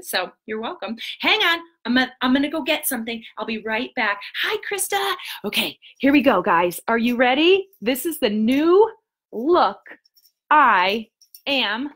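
A woman entertaining preschoolers on a home live stream, swooping all over a high, bright voice. She talks in a sing-song way, with gasps and quick asides. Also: lively intonation. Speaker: children's entertainer host.

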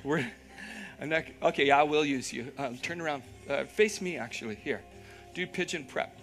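A man's voice: a little high, normal speed, a bit bright, faint music behind. A man teaching a live yoga class, giving encouraging cues, checking in with "okay?", and making playful asides.

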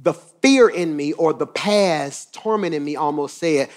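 Here a pastor with a somewhat high voice preaches at a measured pace. Soft asides give way to shouted emphasis, and phrases come back again and again for effect.

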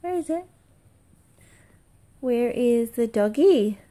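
Woman, mother at home with a toddler, very slow sing-song quizzing, mellow and a bit high. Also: animated. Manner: slow sing-song questions, praise and animal noises. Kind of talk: quizzing a toddler with flash cards.

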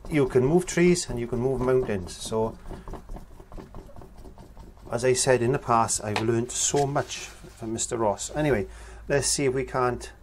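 A man's voice: mid-range voice, unhurried, slight background noise. Man chatting through a painting lesson. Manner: chatty, thinks aloud with fillers while working. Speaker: painting instructor. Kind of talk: relaxed painting tutorial.

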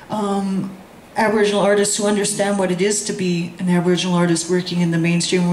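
A woman telling a personal story at a community session, acting out the voices of the people in it and laughing often. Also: lowish voice. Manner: animated, acts out quoted voices, laughs often. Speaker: guest speaker. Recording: echoey room with faint ambient noise.

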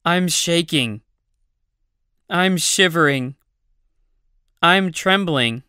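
Very slow, crisp phrase-drill reader. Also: medium pitch, animated, sharp tone, no room sound, clean studio sound. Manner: deliberate, evenly paced reading of numbered phrases. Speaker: language course narrator.

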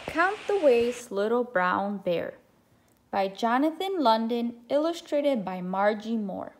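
A woman's voice: a little high, very animated, slow. A woman teacher reading a picture book aloud to children, encouraging them to count along with her. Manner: encouraging, addresses listeners as friends.

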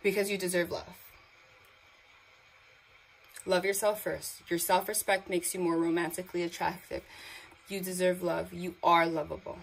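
Young female tarot reader, slightly low voice, awed and emotional, reads the cards aloud over a faint water sound machine. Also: little pitch movement, normal speed, vocal fry, long pauses, slight background noise, poor audio. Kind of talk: tarot card reading.

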